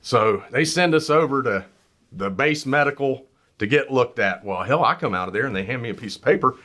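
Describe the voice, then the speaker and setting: Podcast co-host, man, bright tense tone, folksy earnest storyteller. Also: medium pitch, expressive, fairly quick. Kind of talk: casual storytelling chat.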